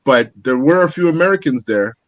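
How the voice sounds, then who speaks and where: A man on a casual panel show, telling stories in an expressive, easygoing way. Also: medium pitch, a little fast.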